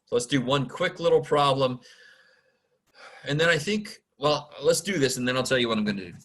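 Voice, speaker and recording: A man's voice: medium pitch, animated, brisk, fairly bright tone. Guy lecturing math on a zoom call, laid back, mutters little asides and cusses under his breath. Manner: informal, self-deprecating, mutters asides and mild curses. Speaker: math instructor. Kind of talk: casual online lecture. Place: home setup over video call. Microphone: video call mic.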